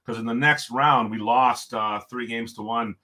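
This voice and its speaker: A middle-aged man, a podcast guest, telling a story in a lively way and chuckling often. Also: medium pitch, moderate pace. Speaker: podcast guest, former hockey coach. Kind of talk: storytelling in conversation.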